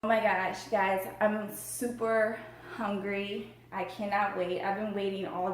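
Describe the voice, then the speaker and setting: A woman hosting a casual eating vlog who talks in a bubbly, excited way between bites. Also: mid-range voice, measured pace, few pauses, slight background noise. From Tampa, Florida area. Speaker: mukbang vlogger. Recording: echoey room.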